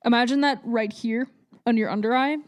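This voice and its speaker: Young woman podcaster ranting, swears a lot, fast then slow, kinda high voice. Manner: blunt, profane storytelling with lots of fillers; animated, swings between fast rants and slow drawn-out asides. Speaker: podcast host. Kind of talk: casual monologue.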